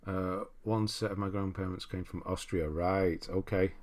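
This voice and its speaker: A deep-voiced English man hosting a gaming livestream. He chats casually, reads out viewer comments, laughs easily and often restarts his sentences. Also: fairly even intonation, normal speed, a little mellow. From England. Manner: chatty, easygoing, laughs often, frequent restarts. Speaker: livestream host.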